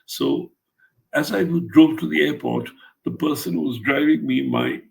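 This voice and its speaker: A man's voice: fairly high pitch, moderate pace, gravelly, low-quality recording. An older man from India, an author telling a blunt, wry story in an interview and acting out the quotes. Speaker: author interviewed about his translations.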